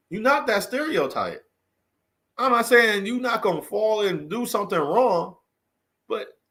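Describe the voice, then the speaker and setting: A man with a fairly high voice delivers an earnest, preachy monologue straight to the listener. His delivery rambles, with restarts and repeated phrases, and he swings between raised, emphatic questions and quieter, subdued stretches. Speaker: vlogger giving a motivational talk. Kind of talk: unscripted heartfelt monologue to camera.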